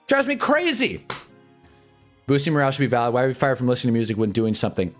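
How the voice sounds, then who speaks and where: A man's voice: mid-range voice, very fast, faint music behind. A man in his twenties ranting casually on a livestream, rambling and joking with frequent laughs. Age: 20s. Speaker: livestream host.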